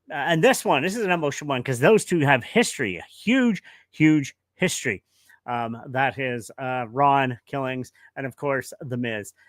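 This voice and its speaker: A man's voice: on the high side, fairly bright tone, no room sound. A man streaming casual commentary, rambling and emotional, with many restarts.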